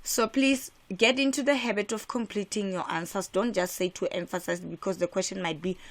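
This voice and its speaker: Speaking fairly quickly with a mid-range voice and fairly even intonation, a woman from South Africa runs an exam revision class. She hammers home key points through repetition, often restarting her sentences with fillers.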